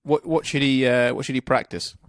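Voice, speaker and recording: A man's voice: mid-range voice, fairly even intonation, fairly quick, slight background noise. A man hosting a casual podcast, introducing his guest with rambling, jokey banter. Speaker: podcast host.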